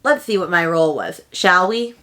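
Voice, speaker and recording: A young woman book vlogger chatting casually at home, excitable and quick to jump up high in pitch when she reacts. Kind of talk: casual chat.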